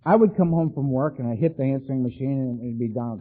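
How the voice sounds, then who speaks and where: A man giving a storytelling recovery talk, animated, often tagging his lines with "right?" and "man". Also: medium pitch, quick pace, few pauses. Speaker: recovery meeting speaker. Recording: tinny lo-fi phone-like sound.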